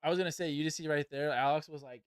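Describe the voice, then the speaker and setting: A young man hosting a casual podcast, his voice sitting a little high and coming across clean and smooth. He swears freely and laughs his way through a wild story. The sound is dry, with no room in it. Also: very fast, no room sound. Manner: profane, laughing, excited storyteller. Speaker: podcast host. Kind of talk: casual storytelling and fight commentary.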